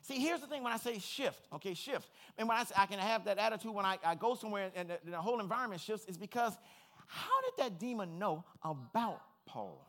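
A man's voice: high voice, big pitch swings, fairly quick. A male pastor preaching an emphatic sermon, repeating phrases and building to fervent peaks. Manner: emphatic, repeats phrases, rises to shouting fervor.

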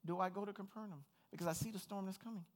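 A man's voice: sits high, steady tone, very fast. A middle-aged man preaching a sermon as pastor, earnest, personal and plain-spoken.

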